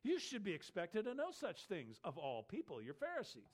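A man's voice: high voice, wildly swooping pitch, moderate pace, exaggerated voice. A man voicing a bold formerly blind man who challenges religious experts with incredulous questions.

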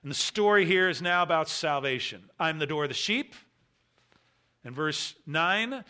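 A man preaching a sermon, stressing key words loudly and letting his phrase ends fall low and quiet. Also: lively intonation, moderate pace. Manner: emphatic, stresses key words with bursts of volume. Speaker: pastor.

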